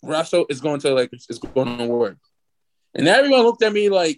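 A man in his twenties hosting a podcast, ranting excitedly and swearing freely in casual sports chat. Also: a little high, fairly quick. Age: 20s. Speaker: podcast host.

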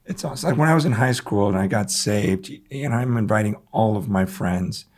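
A middle-aged man speaking as a guest pastor in an interview, earnest and halting with emphatic bursts. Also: on the low side, expressive. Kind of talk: reflective interview talk.

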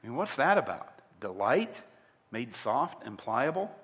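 A man's voice: medium pitch, very animated, a little slow, fairly bright tone, in a large hall. A man preaching a sermon as a pastor, emphatic and asking his listeners direct questions. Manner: emphatic, asks the audience rhetorical questions.

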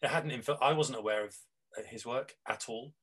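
A man's voice: mid-range voice, fairly quick, fairly bright tone, slightly rough, rough recording. A middle-aged man, a guest on an interview, talking reflectively with many restarts and fillers. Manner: rambling, with frequent restarts and fillers. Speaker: guest, improv teacher.

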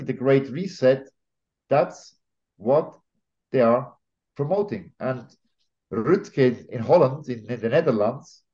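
A man talks as a podcast guest, emphatic and opinionated, with a warm, mellow tone at an average pitch. He often stops on fillers and restarts his sentences. The audio is a little dull and lo-fi. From Switzerland. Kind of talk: conversational interview.

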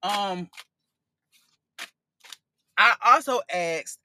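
Sassy, bright-voiced male tarot reader. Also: a little high, normal speed, no room sound. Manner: sassy, swearing, expressive. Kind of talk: casual tarot reading podcast.

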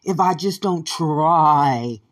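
A woman delivering a profane, repetitive monologue, shouting at times and muttering low at others. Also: drawn-out words. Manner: swears constantly, repeats phrases, swings from shouting to low mutters.

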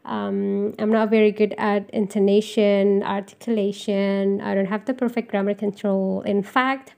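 A woman's voice: mid-range voice, gravelly, warm tone. A young woman from Indonesia with an Indonesian accent, rambling through a self-deprecating solo podcast intro with lots of ums. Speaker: podcast host. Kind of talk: casual solo podcast monologue.

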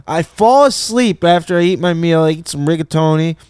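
A podcast co-host with a slightly high voice talks a little fast, telling a story in casual chat and laughing often as he acts out the voices of the people in it. The recording is dry, smooth and clean, with a studio sound.

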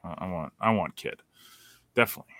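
A laid-back man hosts a podcast from home, reading out viewer questions. His voice is bright and forward, and the sound is dry and close. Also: sits low, lively intonation, fairly quick, dry recording. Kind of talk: casual chat.

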